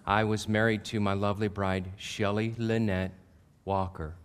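A pastor in his fifties with a somewhat low voice delivers a sermon built on personal stories. He tells them in a lively, self-mocking way and raises his voice for the punchlines. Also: moderate pace, smooth. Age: 50s. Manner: animated, self-deprecating storyteller who gets loud at punchlines.

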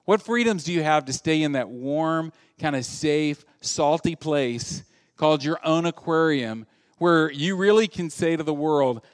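Southern male pastor, middle-aged, preaching a comic sermon, lively delivery with acted-out voices, slightly high pitch. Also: clear, resonant tone. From American South. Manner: animated, jokey, acts out quoted voices. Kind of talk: humorous sermon.

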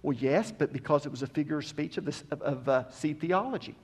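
With a slightly high, husky voice and a fairly quick pace, this male preacher starts quietly teaching, then builds to loud, passionate preaching and asks the congregation questions.

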